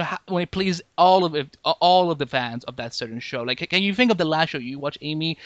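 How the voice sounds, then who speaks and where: A man's voice: a little high, a bit bright, dry recording, muffled recording. A man hosting a podcast in casual chat, rambling along with frequent "like" and restarts. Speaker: podcast host.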